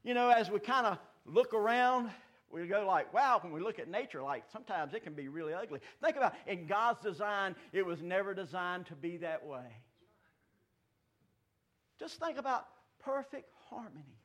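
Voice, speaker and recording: A man in his fifties preaching a sermon in a church, folksy and joking, swinging between loud declarations and hushed asides. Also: high-pitched, animated, moderate pace. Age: 50s. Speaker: pastor. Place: church sanctuary.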